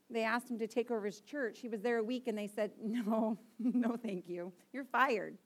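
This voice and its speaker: A young woman preaching to a church congregation, chatty and open in a self-deprecating storytelling way. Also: medium pitch. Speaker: guest preacher. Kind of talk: casual sermon to a congregation. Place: church sanctuary.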